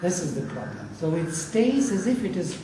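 A man with a high, mellow, very animated voice teaches Sanskrit, slowly and passionately chanting Vedic verses within his lecture. The sound is echoey and distant, carrying faint noise.

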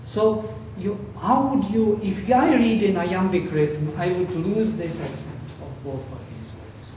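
Slow, mellow-voiced male lecturer. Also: high-pitched, a little hiss or hum. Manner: explanatory, asks the class questions; chants Sanskrit words slowly. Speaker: teacher. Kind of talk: lecture on Sanskrit accent. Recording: echoey room, distant mic.

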